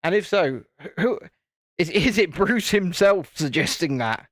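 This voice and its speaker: A British man chats casually as he hosts a live stream, his talk meandering with many restarts. His voice sits a little higher than most men's, and the sound is dry and close. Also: expressive, a little slow, a bit bright, no echo. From United Kingdom. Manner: rambling, chatty, frequent restarts. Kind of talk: casual live-stream chat while building.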